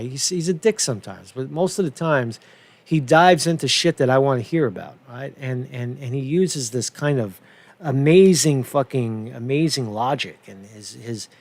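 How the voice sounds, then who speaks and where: A man's voice: medium pitch, creaky. A man hosting a casual commentary show, swearing a lot, repeating himself and checking in with "right?". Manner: profane, repetitive, asks "right?" often.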